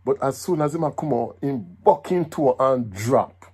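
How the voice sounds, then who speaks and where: A Jamaican man telling a folk story in patois, with a lively, animated delivery. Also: medium pitch, normal speed, husky.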